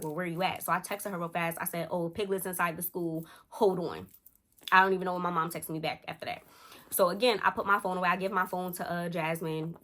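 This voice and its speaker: A young woman talks straight to her camera, telling a storytime. She is chatty and animated, and her voice jumps higher whenever she acts out what someone said. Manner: animated, acts out quotes with shifting pitch. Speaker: storytime vlogger. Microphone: camera close up.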